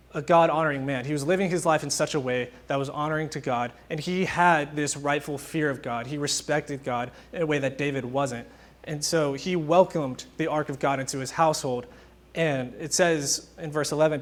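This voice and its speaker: A young man preaching a casual, conversational sermon, telling stories and acting out quotes informally. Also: a little high. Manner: informal, animated storytelling with acted-out quotes.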